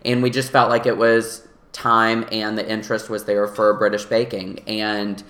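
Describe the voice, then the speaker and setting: Bright-toned Southern US man, roomy sound. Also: fairly low pitch, level tone, moderate pace. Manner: earnest, rambling with fillers. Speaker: magazine editor. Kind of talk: casual podcast chat.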